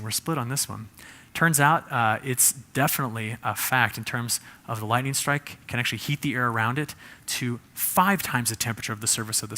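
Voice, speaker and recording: A man's voice: mid-range voice, pushed and bright. A man giving a humorous presentation, quizzing the audience with shows of hands.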